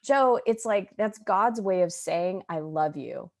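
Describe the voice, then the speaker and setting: A woman's voice: fairly low pitch, animated, takes it slowly, a little mellow. Bubbly, gushing woman host. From Arizona, United States. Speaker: podcast host. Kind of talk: casual conversation.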